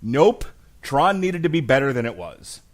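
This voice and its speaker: A man in his forties hosting a podcast and arguing a case about a film with emphatic, animated delivery and frequent laughter. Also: mid-range voice, measured pace. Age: 40s. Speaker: podcast host. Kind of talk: mock-trial film debate podcast.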